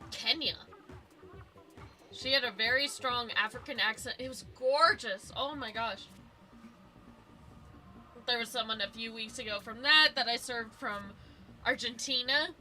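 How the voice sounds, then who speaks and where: Chatty streamer lady, high and bouncy, game music playing underneath. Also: measured pace, sharp tone. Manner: chatty, filler-heavy talk. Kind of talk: casual chat while gaming.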